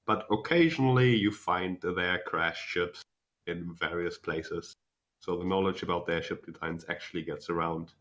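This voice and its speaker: A deep-voiced young man runs a tabletop game as its game master. He explains things in a measured way and often pauses on "uh" to restart a sentence. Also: a bit bright.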